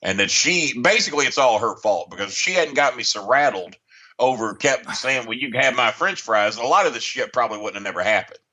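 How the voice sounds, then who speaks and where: A man's voice: medium pitch, lively intonation, fairly quick, bright, forceful tone, slightly rough. A man telling a long comic story as a podcast guest, ranting and swearing heatedly.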